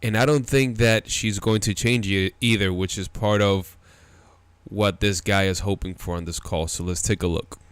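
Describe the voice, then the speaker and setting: A man's voice: fairly low pitch, fairly even intonation, normal speed, clean tone, dry recording. A man hosting a reaction show, giving blunt, incredulous commentary on a played clip.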